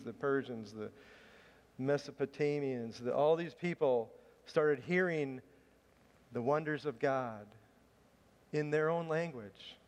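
A man's voice: mid-range voice, darkish tone. Man preaching in a reverberant church hall. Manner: chatty, self-deprecating storytelling with laughs. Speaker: pastor. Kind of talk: sermon with personal story.

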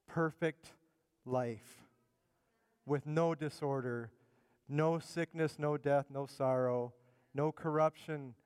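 A man's voice: fairly high pitch, clean tone. A middle-aged man preaching a sermon to his congregation in a church, talking in a conversational way and often repeating words as he builds a point. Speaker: pastor. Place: church sanctuary. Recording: long hall reverb.

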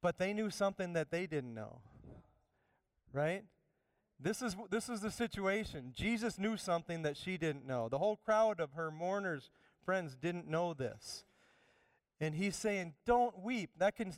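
A man preaching a sermon, animated, swinging from loud emphatic bursts down to quiet asides. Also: high voice, measured pace, clean tone, dry recording, studio quality. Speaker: pastor.

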